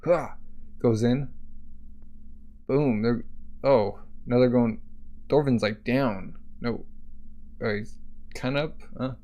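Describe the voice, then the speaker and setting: A man's voice: medium pitch, takes it slowly, pauses often, dark tone. A man casually reading a manga aloud, describing panels and voicing sound effects, with frequent filler words. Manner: casual, uses "like" often, voices sound effects. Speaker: manga reader.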